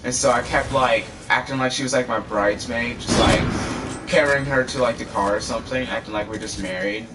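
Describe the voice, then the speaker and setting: A teenage boy rambles through a personal story, packed with fillers, restarts and casual cursing. His voice is mid-pitched and sits well off the mic. Loud gunfire crackles behind it. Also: brisk, distant mic. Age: teens. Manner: loose, filler-heavy, cursing, self-interrupting. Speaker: vlogger.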